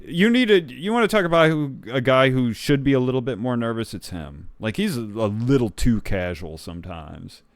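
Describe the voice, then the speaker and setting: A man's voice: mid-range voice, expressive, no echo. A man co-hosting a sports podcast, talking casually and giving firm opinions. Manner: opinionated, quick to push back. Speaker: podcast co-host.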